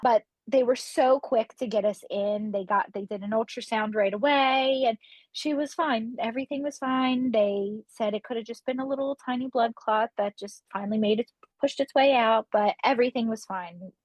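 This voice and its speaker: Her voice on the high side and her pace normal, a woman in her thirties recounts a personal story as a podcast guest in casual interview fashion. She gets emotional and acts out other people's voices; the recording is dry and rough.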